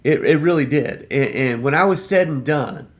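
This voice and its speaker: A man's voice: a little high, normal speed. A man telling a personal work story in a blunt, profane, casual way, repeating phrases for emphasis.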